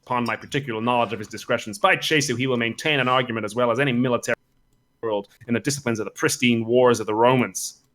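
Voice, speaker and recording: A man's voice: fast talker, a bit bright, natural voice. A man putting on a fussy, pompous army captain. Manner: pompous, repeats "look you", raised pitch. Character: blustering Welsh army captain, male, fussy and pedantic. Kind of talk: comic Shakespeare read-through. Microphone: voice call.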